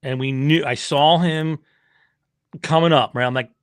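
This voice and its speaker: A man's voice: a little high, fairly even intonation, a little slow, no echo. A man who owns a racing team and is the father of a rider, telling stories in a casual podcast chat. He acts out quotes and swears freely.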